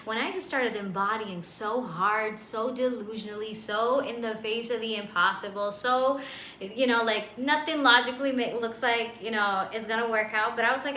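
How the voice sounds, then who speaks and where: A woman giving a motivational faith talk as a spiritual coach, casual and slangy, telling an animated story. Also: a little high, normal speed. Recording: roomy echo, faint hiss.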